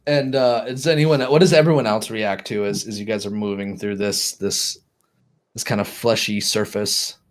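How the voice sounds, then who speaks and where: A man narrating as game master of a tabletop horror game, halting with fillers and restarts. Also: lowish voice, fairly even intonation.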